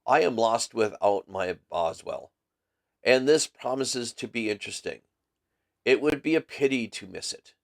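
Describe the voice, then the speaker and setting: A man voicing a sharp, cool-headed detective who speaks in a dry, assured way. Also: medium pitch, lively intonation, a little slow, gravelly.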